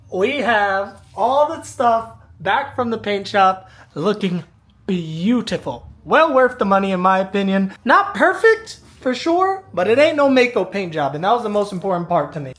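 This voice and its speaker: A car-build vlogger narrating a rebuild in an upbeat, excitable, jokey way. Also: mid-range voice. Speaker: channel host.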